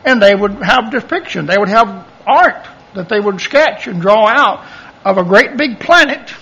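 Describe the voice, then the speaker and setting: Male preacher, bright husky voice, conversational sermon, lo-fi recording. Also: sits high, expressive, unhurried. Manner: folksy, conversational preaching with chuckles and acted-out dialogue.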